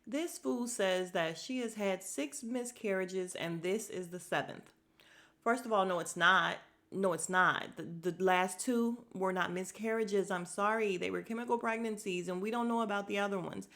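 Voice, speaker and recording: A woman's voice: medium pitch, normal speed, a bit bright. Blunt woman recapping TV. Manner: blunt, opinionated, exasperated commentary with sarcastic asides. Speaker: podcast host recapping a TV show. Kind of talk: casual chat.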